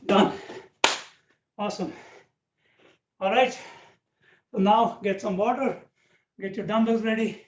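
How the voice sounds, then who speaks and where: A man's voice: sits high, fairly even intonation, slow, pauses often. A man leading a live online fitness class, encouraging and counting out reps over a video call. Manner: encouraging, counts out reps, frequent "okay" and "right". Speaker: fitness instructor. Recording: dull, roomy, distant video-call audio with faint hiss.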